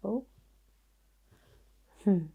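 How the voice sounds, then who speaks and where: A tarot reader from Yorkshire, England, speaking with a Yorkshire English accent, gives a casual reading, chatty and reassuring as she muses over the cards with small laughs and restarts. Her words are drawn out, and the sound is phone quality.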